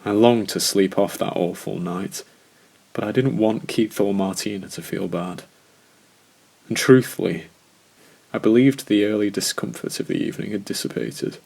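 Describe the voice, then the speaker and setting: A man narrates a horror story in a slow, deliberate first-person telling. His voice is low and gravelly with a lot of fry. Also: darkish tone.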